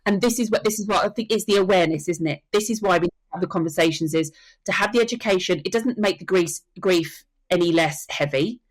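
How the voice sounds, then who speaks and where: A woman's voice: lowish voice, a little fast. A woman working as a death educator, telling stories earnestly and acting out what people said in a podcast conversation. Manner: earnest storytelling, acts out quotes. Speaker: soul midwife and death educator.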